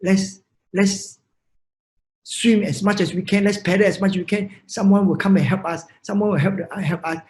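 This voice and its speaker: A man's voice: high-pitched, steady tone, normal speed, a little mellow, natural voice. A man voicing a stubborn little thin frog. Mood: urging. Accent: Vietnamese. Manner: urging, insistent repetition.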